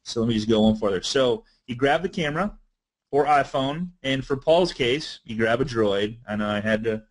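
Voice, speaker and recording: A man presenting a marketing webinar in a casual, energetic, conversational way. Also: mid-range voice, moderate pace, low-quality recording. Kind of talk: casual instructional webinar talk.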